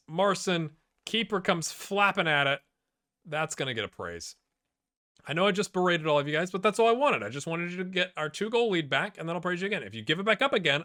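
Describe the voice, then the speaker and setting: Guy doing let's play commentary, gets all worked up yelling at his players, bright voice, real dry close mic. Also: fairly high pitch, brisk, no echo. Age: middle-aged. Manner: excitable, talks to players on screen. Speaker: gaming YouTuber.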